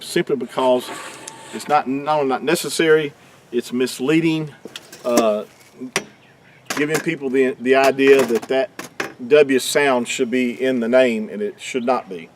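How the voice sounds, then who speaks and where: Male teacher, mid-pitched, halting delivery with frequent restarts, explanatory tone. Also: a little mellow, slight background noise. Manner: halting, restarts mid-sentence, many fillers. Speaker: religious teacher.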